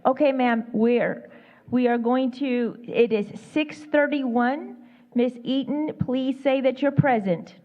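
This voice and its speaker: A woman's voice: high voice, takes it slowly. A woman running a school board meeting, polite and patient, repeatedly checking whether a remote member can hear her. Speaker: meeting official calling roll. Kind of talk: formal meeting procedure. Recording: tinny phone-like audio.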